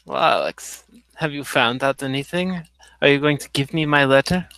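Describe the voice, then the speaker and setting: A man's voice: medium pitch, moderate pace, bright, forceful tone, no echo. A man voicing a flirtatious Russian nightclub hostess with a put-on Russian accent, teasing and coaxing. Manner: teasing, coaxing, calls everyone darling.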